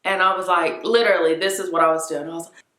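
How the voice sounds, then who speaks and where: Young woman vlogger, lively storyteller who acts out quotes, echoey room. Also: lowish voice, fast. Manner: animated, acts out quoted voices. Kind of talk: casual storytime to camera.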